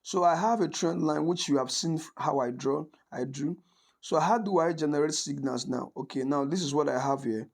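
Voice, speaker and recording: A man's voice: on the high side, normal speed, vocal fry. A man giving a screen-recorded trading tutorial, talking casually and checking in with listeners by asking "right?" and often restarting his sentences. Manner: conversational, checks in with frequent "right?"; restarts and corrects himself often. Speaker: forex trading instructor.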